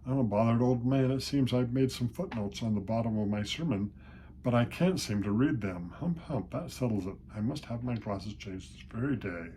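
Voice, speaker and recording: A man's voice: mid-range voice, moderate pace, dark tone, a little hiss or hum, natural voice. A man voicing a flustered, kindly old parson who huffs and exclaims. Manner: huffing, exclaiming. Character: fussy old male parson, flustered and kind.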